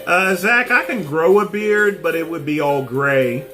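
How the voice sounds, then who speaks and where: A middle-aged man hosting a casual livestream, answering viewers' comments by name and pausing often on fillers. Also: fairly high pitch, over music. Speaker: livestream host.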